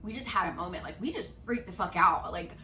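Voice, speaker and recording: A young woman vlogger telling a story casually, with lots of expression and swearing, and she jumps into loud squeaky voices when she quotes people. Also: expressive, fairly quick, recorded from a distance. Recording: echoey room, a little off-mic, music underneath.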